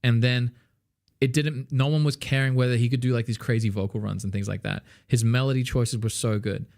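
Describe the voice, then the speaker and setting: A man's voice: medium pitch, a little fast, vocal fry. A man talking loose as a music teacher. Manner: animated, loose and swearing, many "like" fillers; sings song snippets to demonstrate. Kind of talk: casual livestream song feedback.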